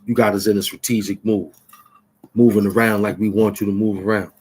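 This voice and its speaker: A man's voice: on the low side, flat delivery, fairly quick, a little mellow, breathy edge. A man hosting his own channel, taunting and boasting in a rambling trash-talk rant. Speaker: channel host. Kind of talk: trash-talking rant at the camera.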